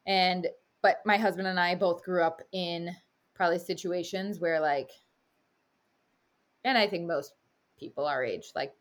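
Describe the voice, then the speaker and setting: A woman's voice: fairly low pitch, unhurried, long pauses. A woman co-hosting a podcast, speaking candidly and openly in casual chat. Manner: candid, open, talks through feelings. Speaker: podcast co-host.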